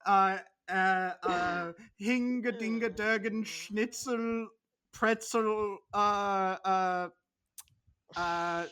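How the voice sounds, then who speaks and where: A woman doing a clumsy, halting fake German accent as a mock German man. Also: lowish voice, monotone, sharp tone, heavily acted.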